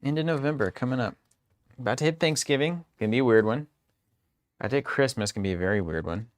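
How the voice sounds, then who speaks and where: A young adult man co-hosts a livestream, speaking fast in a mid-range voice. He chats casually, joking around and greeting viewers in the chat.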